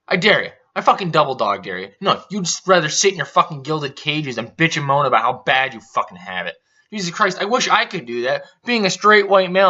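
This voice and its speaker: A man ranting in a heated, sweary, sarcastic voice that sits fairly high. His tone is sharp and tense, and the lo-fi recording dulls the sound. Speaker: vlogger. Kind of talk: angry profane rant. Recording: dull lo-fi recording.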